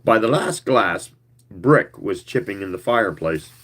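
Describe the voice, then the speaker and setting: A man gives a live reading of a story. His voice sits on the low side, and he takes his time. He narrates in a slow, measured storytelling manner. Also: animated, fairly bright tone. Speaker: reader.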